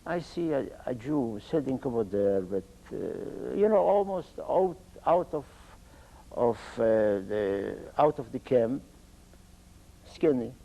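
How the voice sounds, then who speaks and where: An older man with an Eastern Polish accent gives oral history testimony in slow, halting English. He is a native Polish speaker who searches for words and restarts his sentences. His voice sits mid-pitch with a dark, mellow tone. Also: sing-song, gravelly, low-quality recording. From Poland. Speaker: interviewee.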